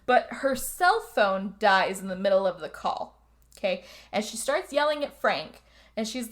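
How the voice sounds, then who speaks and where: A woman co-hosting a podcast, recapping a movie in casual chat as an animated storyteller who swears freely. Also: medium pitch, measured pace. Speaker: podcast co-host.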